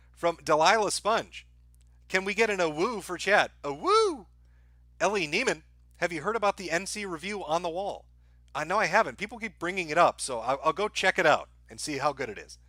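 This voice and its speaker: A male stream host working through viewer donation messages, reading them in a dry, offhand manner with plenty of "uh"s and crude asides. His voice sits a bit high for a man and has a bright, sharp edge. The sound is close and dead, with no room around it. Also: no echo. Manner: crude, irreverent humor. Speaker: livestream host.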